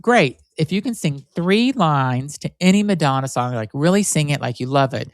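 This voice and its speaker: A chirpy, bubbly woman radio DJ, as a man puts her on in a raised voice, running a call-in contest. She speaks in bright, upbeat announcer patter that stays very dry and close. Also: a little high, expressive, moderate pace, dry recording. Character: chirpy fake female radio DJ.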